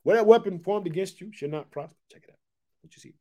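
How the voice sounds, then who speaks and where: Emphatic high-voiced preacher. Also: male voice, fast talker, warm tone. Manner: emphatic, call-and-response asides. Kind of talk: sermon with scripture reading.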